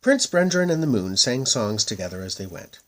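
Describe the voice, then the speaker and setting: A man reading a children's story aloud in a gentle, expressive way. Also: fairly low pitch, normal speed. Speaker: narrator.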